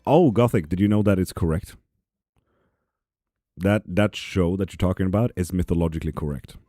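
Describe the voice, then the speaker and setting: A man's voice: low-pitched, moderate pace, mellow, no room sound, soft background music. A man hosting a live tarot stream in his apartment, chatting casually and reading out viewer comments with sarcastic, profane humor. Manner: profane, sarcastic, laughs often.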